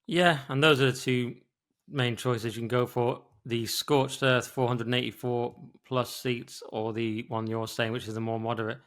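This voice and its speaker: A man's voice: medium pitch, steady tone, fairly bright tone. Tired, rambling man. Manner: quick, rambling, conversational. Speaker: podcast co-host. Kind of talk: casual political discussion.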